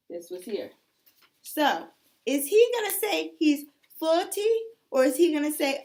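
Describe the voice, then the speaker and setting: A woman's voice: high voice, very animated, normal speed, a little mellow. Woman teacher telling a story to children. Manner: checks in with "okay?" often.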